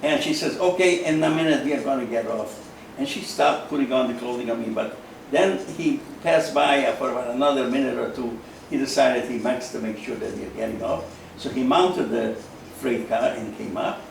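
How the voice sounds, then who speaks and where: An elderly man speaks slowly and haltingly, stopping for fillers and repeating words. His voice is gravelly with a creaky edge. He sounds set back from the mic, in a strongly echoing room with a faint hiss underneath. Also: mid-range voice. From Carpatho-Ruthenia, Eastern Europe. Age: 90s. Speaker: interview guest, Holocaust survivor. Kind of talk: personal testimony in an interview. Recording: echoey room, mic at a distance.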